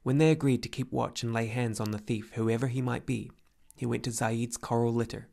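A man reading a fantasy novel aloud as an audiobook narrator, in an even, measured way. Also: medium pitch, creaky. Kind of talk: scripted narration.

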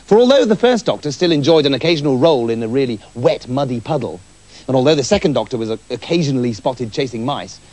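A man narrating a comic storybook tale in an animated, giggly manner. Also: mid-range voice, fast.

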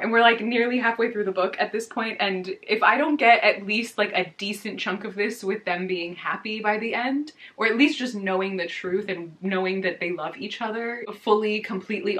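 A young woman chats casually on her vlog, recapping a book. Her voice is bright and sharp-edged, and her delivery is gushing and emotional, breaking easily into laughter. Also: medium pitch. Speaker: book vlogger.

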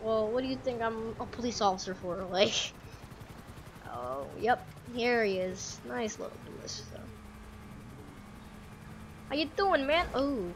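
A woman plays a police sim game and chats casually through it, laughing often and talking to the characters. Her voice is medium-pitched, with background noise present.

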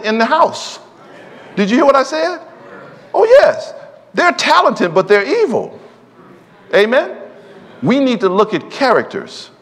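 A man preaching a sermon in a church, drawing call-and-response from the congregation. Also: high-pitched. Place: church sanctuary. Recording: long hall reverb in a church.

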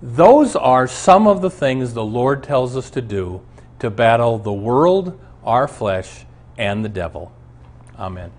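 A man's voice: medium pitch, big pitch swings, slow pace, darkish tone. A male pastor giving an earnest, emphatic Bible teaching and telling stories from his own life. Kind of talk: teaching sermon on a Bible show.

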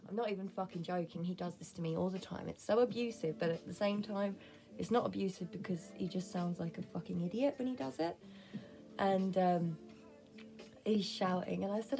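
A woman's voice: fairly low pitch, moderate pace, creaky, warm tone, faint music behind. A young woman venting in a casual home vlog, blunt and full of swearing. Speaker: vlogger. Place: home, kitchen.

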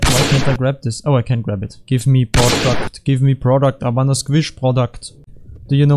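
A young man talks through custom game levels in a loose, rambling way, cracking jokes and restarting his sentences. His voice sits at an average pitch with a dark, mellow tone. He drifts between comments, half-finished thoughts and playful asides. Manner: rambling, jokey, self-correcting, puts on silly voices. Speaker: gaming YouTuber. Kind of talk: casual gameplay commentary.

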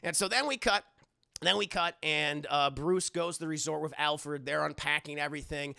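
A man's voice: on the high side, moderate pace, vocal fry. A man giving a casual, profane livestream recap of a cartoon episode, acting out the characters' lines and talking to his chat. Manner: animated, profane, acts out lines and talks to chat. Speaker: streamer reviewing an animated show.

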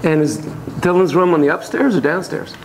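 A man working as a child psychotherapist in a play therapy demonstration, talking gently and reflectively in a playroom. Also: on the high side, fairly quick, a little hiss or hum, rough recording.

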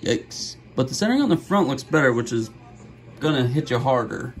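A middle-aged man hosting a card-opening video, chatting casually and joking, with sudden gasps and bursts of excitement. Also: medium pitch, brisk, low-quality recording. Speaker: card-opening channel host. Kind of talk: casual pack-opening commentary.

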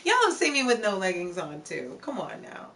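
A woman's voice: medium pitch, very animated, a little fast, fairly bright tone, far from the mic. A woman hosting a live stream, chatting casually with viewers in a playful, giggly way, reading their comments aloud and repeating phrases for emphasis.

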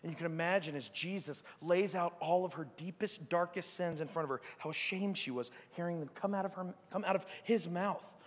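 A man preaching a sermon as pastor, emphatic and swinging between quiet reflection and loud exclamation, often asking "right?". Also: sits high, a little fast, hardly any pauses, big-room sound. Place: church sanctuary.

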